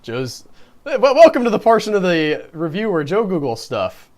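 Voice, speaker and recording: A man with a somewhat high voice co-hosts a casual movie review podcast. He talks in a loose, self-deprecating way and laughs often between his points. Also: huge pitch swings, moderate pace, darkish tone. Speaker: podcast co-host.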